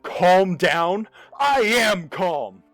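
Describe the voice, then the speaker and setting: A furious, easily provoked alien captain barks orders and blusters indignantly, as a man puts him on. The husky, low voice leaps around in pitch as he rages, with soft music underneath. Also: expressive, moderate pace, no echo. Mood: enraged.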